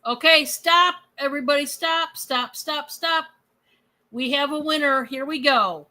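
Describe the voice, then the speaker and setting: A woman's voice: sits high, measured pace, sharp tone. A woman with a Michigan accent hosting a live sales stream, chatty and rambling, laughing often. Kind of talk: casual live stream chat.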